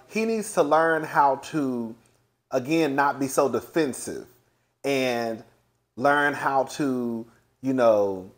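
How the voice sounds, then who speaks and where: A young man with a fairly high voice gives a casual, sassy commentary on a reality TV reunion. He talks in a loose, chatty way, swears freely and laughs often. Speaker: reality TV reviewer.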